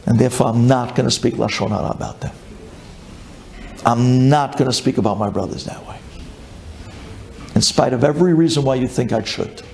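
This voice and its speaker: A man, a rabbi, giving a sermon dramatically, swinging from loud pleading to hushed intensity. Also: mid-range voice, brisk, vocal fry, pauses often, slight background noise.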